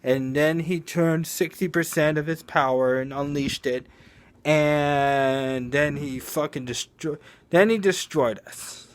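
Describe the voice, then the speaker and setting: A man's voice: on the high side, takes it slowly, smooth. A man casually improvising a fan story, rambling and often correcting himself with fillers.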